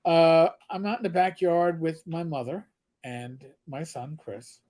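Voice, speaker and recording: A man co-hosting a casual livestream chat, an animated storyteller who often restarts his sentences and reads viewer comments aloud. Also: a little high, unhurried. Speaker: livestream co-host.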